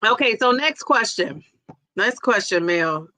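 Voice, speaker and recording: A woman's voice: fairly high pitch, animated, a little slow, pushed and bright, no room sound. A woman hosting a casual livestream, chatty and laughing easily as she reads a quiz and viewer comments aloud. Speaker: livestream host.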